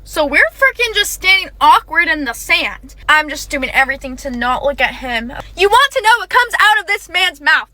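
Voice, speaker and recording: A woman's voice: high voice, very animated, moderate pace, few pauses, pushed and bright, dry recording. A young woman telling a dramatic personal story in a chatty, emphatic way. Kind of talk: casual storytime.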